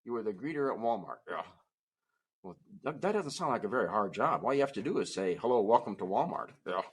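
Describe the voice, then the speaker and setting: A man's voice: lowish voice, sing-song, quick pace, a bit bright, breathy edge. A man performing as a musical ventriloquist, patiently explaining things to young audiences between puppet bits. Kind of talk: ventriloquist show patter.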